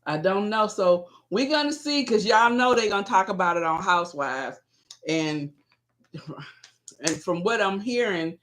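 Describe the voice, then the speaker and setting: A woman's voice: mid-range voice, lively intonation, unhurried, a bit bright. Woman, vlogger, casual rambling chat, talks straight to her viewers. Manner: chatty, rambling, addresses viewers directly. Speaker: vlogger hosting her own channel.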